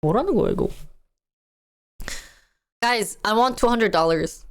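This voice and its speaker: A woman's voice: fairly high pitch, animated, fast. A woman streaming live, chatting casually with her viewers, reacting to news items with frequent laughter.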